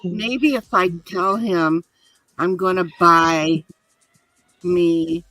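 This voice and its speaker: A woman's voice: fairly low pitch, drawn-out words, rough recording. An older woman chatting casually on a live stream, telling stories and swearing freely. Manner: salty, swears freely, animated storytelling. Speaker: guest on a live chat stream. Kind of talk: casual chat.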